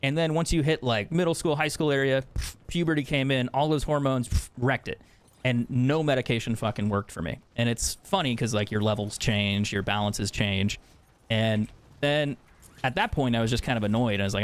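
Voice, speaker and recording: A man's voice: mid-range voice, steady tone, normal speed. Candid, profane young man streamer. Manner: candid, profane, laughs often. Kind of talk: casual chat with stream viewers while gaming.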